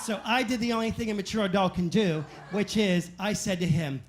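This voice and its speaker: A man telling animated, self-mocking stories as a stand-up comedian on a club stage. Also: high-pitched, noisy background. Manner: animated, self-mocking anecdotes with quick asides. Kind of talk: stand-up storytelling.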